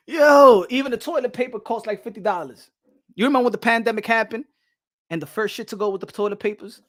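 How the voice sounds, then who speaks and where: Brief: boxing channel host, New York man, animated profane rant, laughs a lot. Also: extremely high pitch. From New York City. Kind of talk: casual rant to camera.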